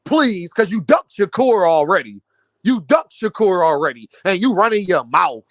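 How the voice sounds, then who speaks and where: A man's voice: high voice, big pitch swings, moderate pace, no room sound. A man ranting about boxing to his viewers, mocking and incredulous. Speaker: boxing commentary vlogger. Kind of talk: animated boxing rant.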